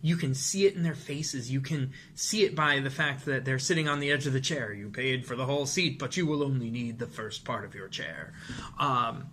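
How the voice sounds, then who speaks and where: A man teaching presentation skills to camera, animated and demonstrative, sometimes acting out rushed nervous speech. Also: mid-range voice. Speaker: vocal and presentation coach. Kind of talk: instructional talk to camera.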